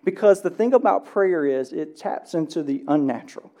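A pastor preaching a sermon in a church. He tells stories with lively acted-out dialogue and drops to a hushed, slow voice in prayer. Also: a little high. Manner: animated storytelling, acts out movie dialogue. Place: church sanctuary.

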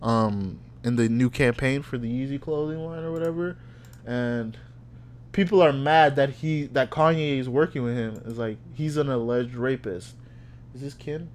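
Young male podcast host, casual storyteller, animated and laugh-prone. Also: mid-range voice, normal speed. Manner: animated, acts out voices in anecdotes, laughs often.

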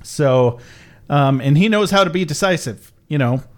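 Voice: mid-range voice, animated, normal speed. A podcast co-host in a casual recap chat, joking and swearing freely as they comment on an episode.

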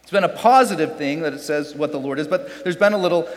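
A man's voice: fairly high pitch, fast. A man preaching a conversational sermon, speaking casually and tossing out rhetorical questions to the congregation during a church service held on a farm. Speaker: pastor. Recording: long reverb of a large space.

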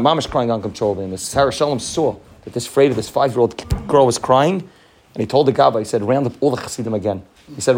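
A man giving a Torah talk, telling a Hasidic story in rapid, heartfelt speech that repeats phrases and weaves in Hebrew and Yiddish terms. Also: mid-range voice, darkish tone, husky. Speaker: Torah teacher.

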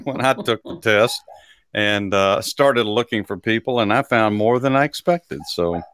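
A man's voice: on the low side, a little slow, fairly bright tone, smooth. A man co-hosting a casual podcast, folksy and chuckling, with plenty of fillers and hesitations. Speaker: podcast co-host. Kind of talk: casual chat.

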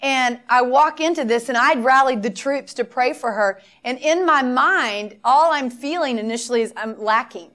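A woman's voice: high-pitched, moderate pace, few pauses, fairly bright tone. A middle-aged woman preaching a sermon, telling stories and acting out the dialogue with emphatic repetition.

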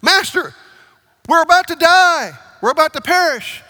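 A man voicing frightened male disciples who shout in panic during a storm. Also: very high voice, animated, normal speed, voice pushed up, exaggerated voice. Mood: panicked. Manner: frantic, shouting. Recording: long hall reverb.

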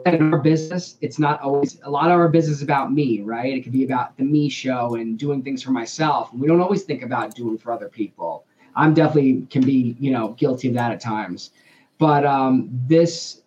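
A man's voice: mid-range voice, a little mellow, a little hiss or hum. Earnest guy filmmaker chatting on a call, lots of um and you know, kinda dull lo-fi sound. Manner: earnest, rambling with many fillers. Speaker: guest, filmmaker. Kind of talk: casual interview talk.

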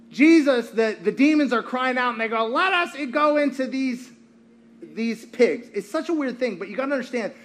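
A man preaching a sermon to a congregation, telling stories with animated, acted-out quotes. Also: very high-pitched. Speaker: pastor.

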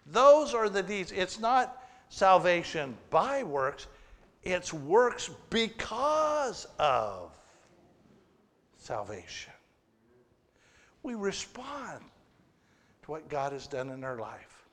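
A pastor preaches to his congregation in a high-pitched, very animated voice with a fairly bright tone, speaking very slowly and pausing often. He teaches plainly, joking with the crowd and asking them questions. Long hall reverb surrounds his voice.

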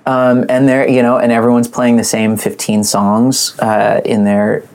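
A man talking as a guest on a casual podcast chat, halting and stammering as he starts his sentences. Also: mid-range voice, completely flat delivery, darkish tone.

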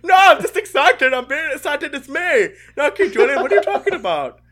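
A man voicing a giddy male cartoon lemur king, squealing and overexcited, much higher and louder than his own voice. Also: very animated, brisk, exaggerated voice. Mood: defensive.

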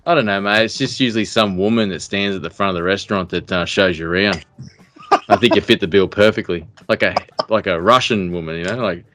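A man's voice: low voice, quick pace, fairly bright tone, slight background noise. A man with an Australian accent, co-hosting a podcast in rambling, jokey casual banter full of fillers and restarts. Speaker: podcast co-host.

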